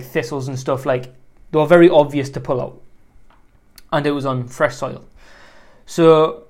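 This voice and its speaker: A man who runs a lawn care business, telling a rambling story as advice, full of "you know" asides. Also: a little high. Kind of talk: casual storytelling advice talk.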